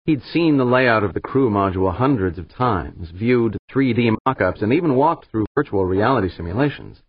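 A man narrating an audiobook in a steady, measured reading style. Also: fairly low pitch, breathy edge. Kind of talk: scripted narration. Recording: slightly dull, dry recording.

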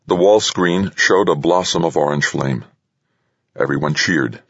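A man narrating a thriller audiobook in a lively, dramatic reading. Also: sits low, measured pace, breathy edge, no echo, dull audio. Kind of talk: scripted narration.

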